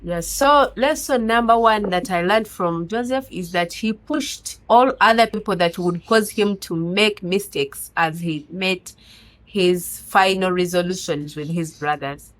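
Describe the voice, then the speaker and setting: A woman's voice: fairly low pitch, unhurried, poor audio. A woman with a non-native English accent giving an earnest, exhorting motivational sermon full of rhetorical questions. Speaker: preacher.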